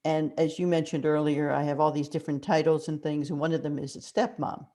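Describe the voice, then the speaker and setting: An older woman, a mystery author, telling animated anecdotes in an interview and acting out the quotes in them. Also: sits low, a little fast. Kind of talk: conversational storytelling interview.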